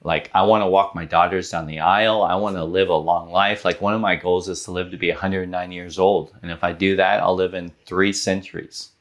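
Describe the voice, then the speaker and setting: A man in his thirties, a podcast guest telling a personal story in an earnest, animated way, with many fillers like "like". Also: deep voice, fairly quick, hardly any pauses. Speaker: guest, business owner.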